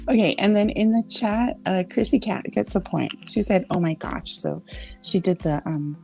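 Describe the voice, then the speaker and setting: Slow gravelly woman hosting a quiz. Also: medium pitch, animated, a little mellow, soft background music. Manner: laughs often, runs the quiz and reads out the chat. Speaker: host. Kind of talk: casual quiz chat on a livestream.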